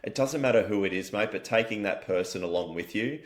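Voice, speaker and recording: An Australian man, a wellness company founder, talking as a guest in an energetic, matey interview style and swearing casually. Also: fairly low pitch, fairly quick.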